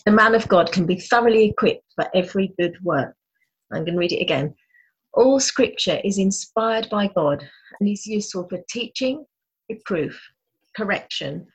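Husky-voiced woman preaching. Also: mid-range voice, rough recording. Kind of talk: sermon with scripture reading.

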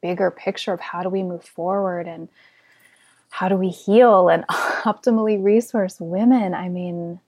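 A woman's voice: lowish voice, fairly even intonation, measured pace, a little mellow, no room sound. A woman speaking as a podcast guest, thoughtful and searching for words as she talks. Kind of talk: casual podcast conversation.

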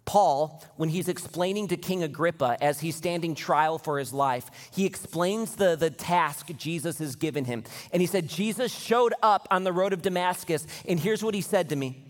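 A man preaching a sermon to his church, building to an impassioned, near-shouting pitch as he retells scenes. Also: moderate pace, few pauses. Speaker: pastor. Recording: long hall reverb.

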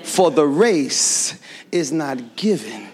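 A preacher delivering a fervent sermon in church, worked up, breaking into shouts and laughter. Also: male voice, on the high side, sing-song, slow pace.

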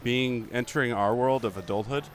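A man's voice: medium pitch, normal speed. A man co-hosting a casual walking podcast, joking and pushing playful conspiracy talk. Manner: joking, pushes conspiracy bits. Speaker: podcast co-host. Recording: faint street noise.

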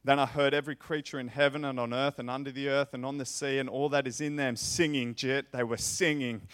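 A man with a steady, medium-pitched voice reads scripture during a sermon. His delivery is slow, emphatic and fervent, with repeated phrases rising in volume and force.

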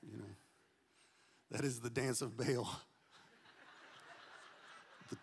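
A pastor preaching a sermon, animated and joking, swinging from loud to hushed. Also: male voice, mid-range voice, slow, in a large hall, a little hiss or hum.

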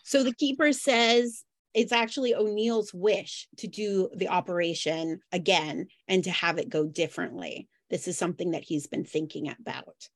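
A woman's voice: fairly low pitch, no echo. Woman recapping plot, dry close sound. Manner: narrates plot in a relaxed running summary. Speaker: podcast co-host. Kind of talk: casual chat recapping an episode.

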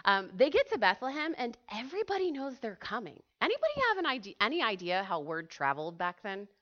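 A woman giving a casual, animated sermon to a church group, chatty and full of fillers, often asking her listeners questions. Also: on the high side, quick pace. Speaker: church speaker. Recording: dull lo-fi recording.

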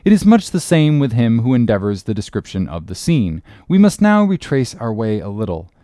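Expressive male audiobook narrator. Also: medium pitch, dry recording, studio quality. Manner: measured, expressive storytelling. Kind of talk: audiobook reading of a classic novel.

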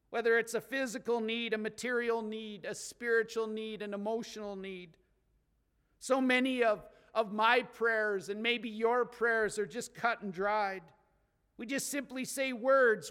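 A man preaching a sermon, earnest, rising in intensity and then dropping low. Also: pushed and bright, clean tone. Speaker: pastor. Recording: long reverb of a large hall.

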